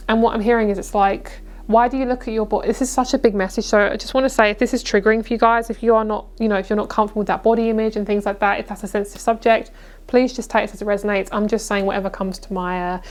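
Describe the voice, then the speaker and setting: A woman's voice: mid-range voice, fairly even intonation, fast. A young woman giving a casual, reassuring tarot reading, chatty and full of fillers. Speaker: tarot reader.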